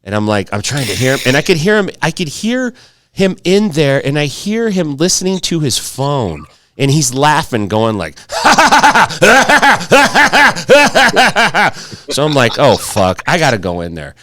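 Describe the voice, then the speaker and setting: Swearing freely and acting out the quotes, this animated podcast co-host tells a story in casual chat. His voice sits at medium pitch and his pace is moderate.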